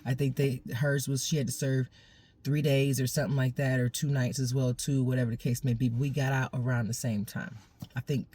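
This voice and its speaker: A woman telling a personal story in a casual, animated way, laughing often and repeating phrases. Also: rumbling low, a little fast, breathy edge.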